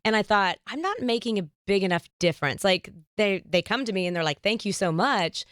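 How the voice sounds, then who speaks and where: Woman podcast host, lively storyteller who acts out quotes; clean, resonant voice, dry studio sound. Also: mid-range voice, fairly quick, clear, resonant tone, dry recording. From United States. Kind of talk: casual interview chat.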